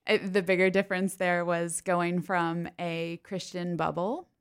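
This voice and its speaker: Chatty woman from Pennsylvania, lowish voice. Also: little pitch movement, unhurried, clear, resonant tone. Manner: chatty, frequent "like" fillers, laughs often. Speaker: podcast guest, stage actress. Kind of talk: casual interview chat.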